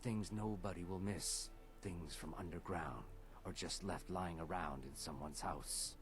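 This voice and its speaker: A man voicing a shady male treasure hunter who pitches easy thieving work in a sly, hushed way. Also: a little slow, soft background music.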